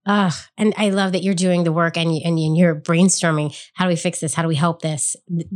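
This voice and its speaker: A woman's voice: on the low side, fairly even intonation, a little fast, darkish tone. Effusive woman podcast host. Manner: effusive, emotionally reactive listener. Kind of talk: casual conversational interview.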